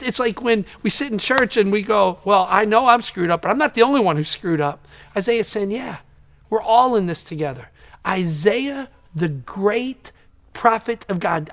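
A man preaching a sermon in a church, earnest, often repeating words and swelling loud when he quotes scripture. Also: sits high. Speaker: pastor.

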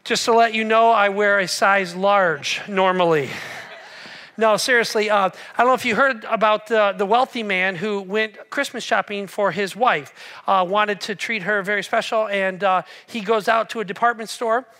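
A man delivers a Christmas-season sermon in a church auditorium, speaking into a stage microphone. His voice sits high and rings bright. He keeps it conversational, tossing jokes and questions to the congregation. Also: fairly even intonation, moderate pace, clear, resonant tone. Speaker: pastor.

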